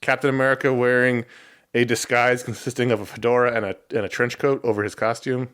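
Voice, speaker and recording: A man's voice: medium pitch, level tone, quick pace, fairly bright tone, smooth. A man co-hosting a podcast in casual chat, easygoing and teasing. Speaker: podcast co-host.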